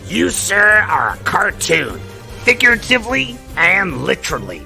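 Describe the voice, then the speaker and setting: A man doing an impression of an older male movie star, delivering a combative, insulting rant in a gravelly voice as a comedy bit. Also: high voice, huge pitch swings, a little slow, bright, forceful tone, faint music behind, pitched above the performer's own voice, heavily acted. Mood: angry ranting.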